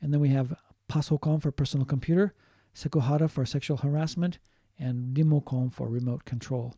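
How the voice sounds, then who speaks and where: Male lecturer, mellow tone, patient and repetitive delivery, dry close sound. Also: medium pitch, fairly even intonation, no echo. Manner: explains slowly, repeating points and adding Japanese glosses. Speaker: linguistics teacher. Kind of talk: online lecture.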